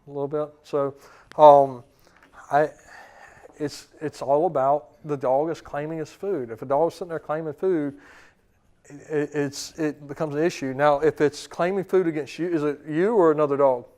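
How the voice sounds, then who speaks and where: A man's voice: fairly high pitch, fairly even intonation, normal speed, a little mellow. A man in his thirties, a dog trainer giving a seminar to clients in a conversational way, often repeating words and acting out the commands he gives.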